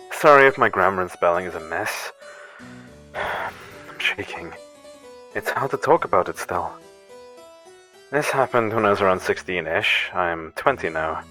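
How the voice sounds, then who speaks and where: A man with a Northern English accent reads a spooky story aloud. His voice sits very low yet sounds bright and forward, and he keeps a low-key, dry manner. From England. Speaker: co-host and story reader. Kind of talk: reading a horror story aloud.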